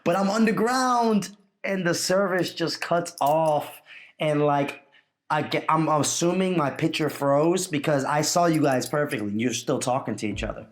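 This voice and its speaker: A man's voice: on the high side, measured pace. A man co-hosting a casual chat, laid back and laughing along as he recalls a phone call. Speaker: co-host.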